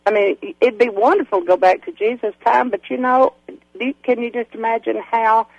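A woman phoning in to a talk show, her voice hoarse and scratchy. It has a gravelly, rough edge and sounds close and dry. She muses reflectively and breaks into laughter often. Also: a little high, moderate pace, dry recording, muffled recording. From Kentucky. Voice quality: scratchy, raspy. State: hoarse from a lingering cold. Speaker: caller. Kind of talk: casual phone-in chat.

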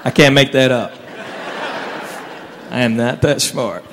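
Slow and medium-pitched, a male stand-up comic drawls his jokes onstage at a comedy club and laughs along at them. The live room carries long reverb, audience laughter and background noise.

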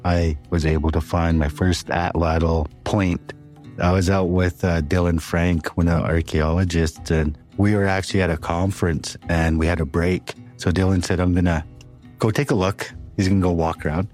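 A reserved, calm man telling a personal story in an interview, with a few fillers. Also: low-pitched, normal speed, soft background music.

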